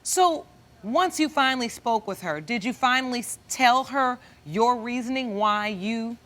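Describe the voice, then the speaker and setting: A woman presiding as a television court judge, questioning the parties in a measured, probing, authoritative way. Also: fairly high pitch, expressive, a bit bright.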